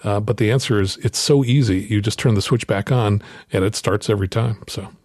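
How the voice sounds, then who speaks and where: A flight instructor talks through his answers at an easy pace, pausing on fillers as he goes. His voice sits fairly low. The sound is dry and close. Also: a little mellow, no echo. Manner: explanatory, many fillers. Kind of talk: casual interview answers.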